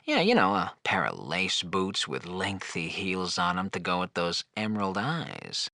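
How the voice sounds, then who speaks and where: A floating skull with a smart mouth and no shame. His gravelly voice leaps from low grumbles to high, mocking squeaks, and he flirts and needles without pause. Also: huge pitch swings, sharp tone, dry recording, clean studio sound, exaggerated voice. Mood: wisecracking. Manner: teasing, flirtatious, sarcastic banter. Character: wisecracking, leering floating male skull. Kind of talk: video game dialogue.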